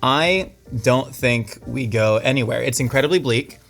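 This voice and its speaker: A man hosts a casual interview, joking playfully and then rambling into long musings. His voice sits at a medium pitch. Light music plays underneath. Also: moderate pace, creaky, fairly bright tone. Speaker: host.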